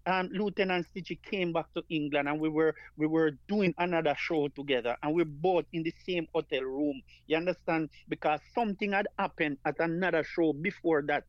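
High-voiced Jamaican man telling a heartfelt story. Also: brisk, hardly any pauses, no echo, highs cut off. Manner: earnest, repeats phrases, calls the listener "man of God". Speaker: guest performer.

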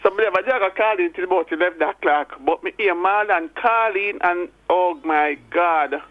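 Hoarse Jamaican woman on the phone. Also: on the low side, normal speed, no room sound. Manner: earnest, pleading encouragement. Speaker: caller. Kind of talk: radio call-in. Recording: tinny phone line, dry.

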